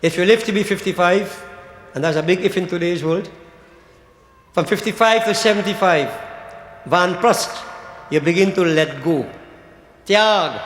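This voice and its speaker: Older guy preaching a sermon, kinda high voice, big echoey hall. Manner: addresses listeners as devotees, rhetorical asides like "hmm?". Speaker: pandit giving a religious discourse. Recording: echoey hall with long reverb.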